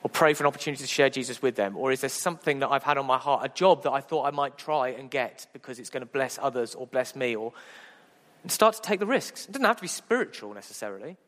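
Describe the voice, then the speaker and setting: A man preaching a sermon as pastor, lively and humorous, asking the congregation rhetorical questions. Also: medium pitch, fast talker. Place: church. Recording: echoey church hall.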